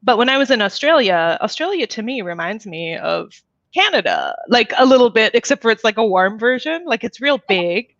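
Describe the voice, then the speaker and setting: American woman guest, very lively delivery, dry dull call audio. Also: on the high side, moderate pace, dry recording. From United States. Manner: animated storyteller, laughs often. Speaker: guest, improv performer. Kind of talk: casual interview chat.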